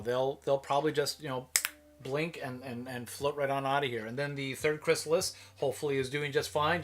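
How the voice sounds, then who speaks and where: Rambling chatty man, slightly high voice. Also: fairly bright tone. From Minnesota. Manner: rambling, self-interrupting, chatty. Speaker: live streamer. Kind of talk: casual live-stream commentary.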